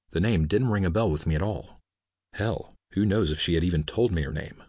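Male audiobook narrator, deep husky voice, dry booth sound. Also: a little fast, darkish tone, no room sound. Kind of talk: scripted narration.

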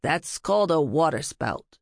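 A woman voicing a grumpy, sarcastic male animal familiar in an audiobook, speaking in a huffy, sardonic way with a lower, different-sounding voice. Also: expressive, measured pace, vocal fry, dry recording, studio quality, exaggerated voice.

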